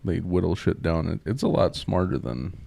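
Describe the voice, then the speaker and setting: A man co-hosting a casual podcast from a small home set, talking into a studio mic and retelling things with animated energy. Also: deep voice, moderate pace, creaky, slight background noise. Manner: animated storyteller, acts out quoted lines loudly. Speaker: podcast co-host. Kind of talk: casual chat.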